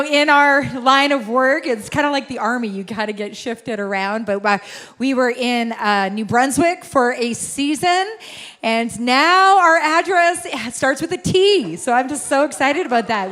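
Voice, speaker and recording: A middle-aged woman from Alberta, Canada, preaching into a microphone in a large church. Her voice sits a little high, and she talks in a chatty way, laughs often and jokes about herself. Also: fairly bright tone. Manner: chatty, laughing, self-deprecating asides. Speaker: guest preacher. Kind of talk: sermon opening remarks. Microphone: handheld or stage microphone.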